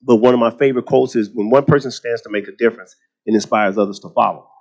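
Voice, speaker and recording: A man from Texas with a Southern accent, a guest on a luncheon panel, telling animated stories and often restarting his sentences. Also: mid-range voice, fast, highs cut off. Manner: animated storytelling, repeats words when starting sentences. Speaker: guest speaker.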